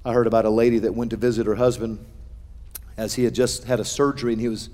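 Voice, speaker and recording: A middle-aged male pastor preaching a sermon, with animated swings in pitch and loudness. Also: fast. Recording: long hall reverb.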